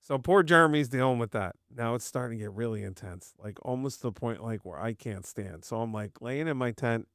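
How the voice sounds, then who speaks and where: A man's voice: medium pitch, a little fast, few pauses, no room sound, studio quality. A middle-aged man telling a wild story in casual chat, swearing and acting out what others said. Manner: animated, acts out quotes in raised voices, swears, giggles.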